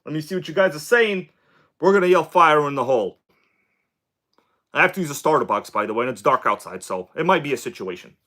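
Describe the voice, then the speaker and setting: A man hosting a casual live stream, chatting excitedly with viewers and reading their comments aloud. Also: a little high, fast talker. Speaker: RC car livestream host.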